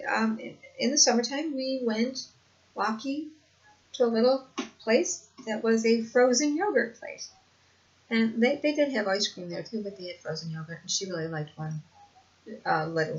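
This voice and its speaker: Earnest older woman talking to camera. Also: on the high side. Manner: earnest, repetitive, laughs often. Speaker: vlogger sharing lived experience. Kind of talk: casual monologue to camera. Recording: dull lo-fi home recording.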